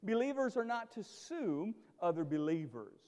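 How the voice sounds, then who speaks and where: A man's voice: big pitch swings, normal speed, a little mellow, big-room sound. A male pastor preaching a sermon with emphatic, dramatic delivery. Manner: emphatic preaching with dramatic swings in pitch and volume.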